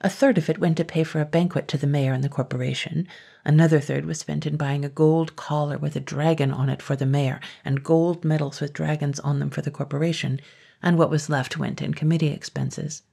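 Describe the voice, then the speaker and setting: A woman narrating a classic children's story in a calm, even storytelling manner. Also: low voice, a little fast, vocal fry, slightly rough. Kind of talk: scripted narration.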